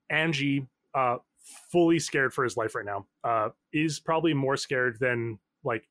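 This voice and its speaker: A man's voice: mid-range voice, a bit bright, dry recording. A man narrating as game master in a loose style with many fillers. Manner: loose, filler-heavy, laughs often.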